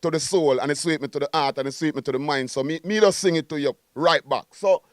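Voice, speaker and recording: A quick, boastful Jamaican man talking in an interview, with a fairly high, smooth voice. He sounds animated and keeps coming back to the same phrases. The sound is dry and close to the microphone. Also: no room sound. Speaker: guest musician. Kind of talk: casual interview.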